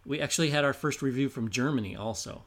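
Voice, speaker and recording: A man's voice: mid-range voice, fast talker. Guy co-hosting a history podcast, laid back, just chatting and reading names off a list. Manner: relaxed, explains and reads listener names. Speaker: podcast co-host. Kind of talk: casual podcast chat.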